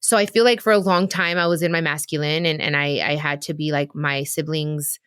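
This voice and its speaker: A woman in her thirties hosts a podcast and opens up about her marriage, speaking straight to her listeners in a candid, emotional, confiding chat. Her low voice is fairly bright and smooth, with fairly even intonation, and she talks a little fast. The recording is dry and studio quality.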